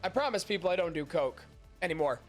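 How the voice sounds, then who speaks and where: A man's voice: sits high, expressive, fast talker, faint music behind. Congested, crude-joking male stream host. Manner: crude, joking, self-mocking, swears a lot. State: congested, stuffy nose from allergies. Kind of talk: casual rambling chat to a live stream chat.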